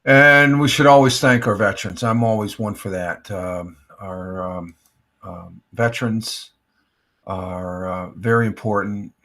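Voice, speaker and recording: A man's voice: lowish voice, a little slow, a bit bright. A middle-aged American man hosting a casual morning livestream, rambling with many fillers and restarts. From United States. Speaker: livestream host. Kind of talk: casual morning chat reacting to news.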